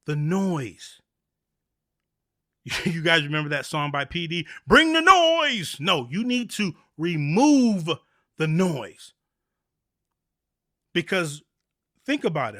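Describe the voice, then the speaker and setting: A man hosting a motivational faith talk podcast, talking in an animated, preachy way and repeating key phrases. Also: sits high, dry recording, studio quality. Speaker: podcast host.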